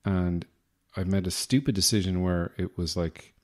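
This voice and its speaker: A man's voice: low voice, fairly even intonation, moderate pace, a little mellow. An Irish man hosting a podcast, delivering a rambling, self-deprecating comic monologue with a wry manner. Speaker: podcast host.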